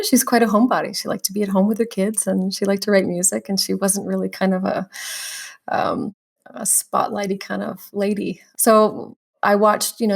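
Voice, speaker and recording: A woman's voice: medium pitch, gravelly. A woman from Canada, a stage actress, telling stories as an interview guest and now and then acting out the people she quotes. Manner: animated, breaks into quoted voices and laughter. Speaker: guest, musical theatre actress. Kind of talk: interview storytelling.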